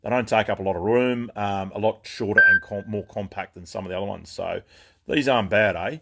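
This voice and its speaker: A relaxed Australian man with a lowish voice chats on a live stream from his shop, greeting viewers one by one and filling gaps with ums. He sounds tired, and the recording carries a clear layer of noise behind him. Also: a little fast. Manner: laid-back, rambling, greets viewers by name with lots of fillers. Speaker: gun shop owner hosting a live stream. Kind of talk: casual live-stream chat. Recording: noisy background.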